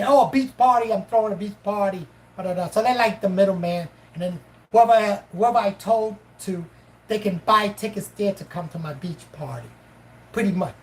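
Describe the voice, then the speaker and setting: On a live stream, a woman host with a mid-range voice tells a story casually, swearing freely and acting out both sides of the conversation. She's animated and profane, and the audio quality is poor.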